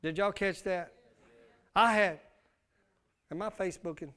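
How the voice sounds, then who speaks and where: A man's voice: high-pitched, a little slow, a bit bright, clear, resonant tone. A male pastor, preaching a sermon with emphatic call-and-response.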